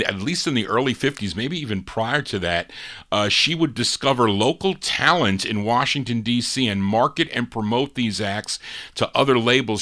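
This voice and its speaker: A man's voice: fairly low pitch, bright, forceful tone. A man hosting an oldies radio show, chatting about records and correcting himself as he goes. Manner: chatty, self-correcting, full of record trivia.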